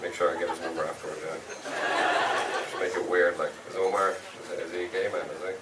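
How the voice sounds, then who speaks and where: A man's voice: sits low, level tone, quick pace. A young man from the west of Ireland with a West of Ireland accent, doing a sweary, chatty stand-up set and teasing the crowd. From Galway, west of Ireland. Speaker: stand-up comedian. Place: comedy club stage. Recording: echoey club, far mic, crowd noise.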